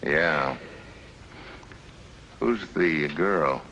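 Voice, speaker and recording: An actor playing a dry, wisecracking American special agent in a 1950s TV drama. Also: male voice, a bass voice, expressive, extremely slow, highs cut off, exaggerated voice. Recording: old TV soundtrack with faint hiss.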